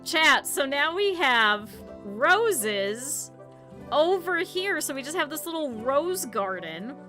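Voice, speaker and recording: A woman's voice: high voice, big pitch swings, slow pace, music in the background. A woman streamer chatting casually to her viewers while playing, rambling into stories. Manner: chatty rambling storyteller, talks to chat. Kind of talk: casual game stream chat.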